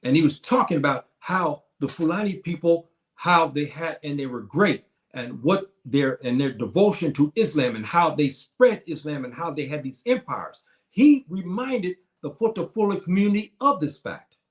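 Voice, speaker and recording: Man in his seventies, teacher's lecture, emphatic, repetitive, somewhat high voice. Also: lively intonation, normal speed. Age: 70s. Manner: emphatic, repetitive, addresses listeners as brothers and sisters. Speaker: teacher of a class. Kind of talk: lecture to a community. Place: Morocco.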